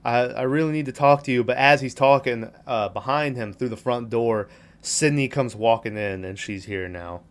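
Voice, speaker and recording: Man, podcast host, casual movie recap, swearing, rambling, mid-pitched voice. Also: moderate pace. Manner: profane, rambling retelling with quoted lines.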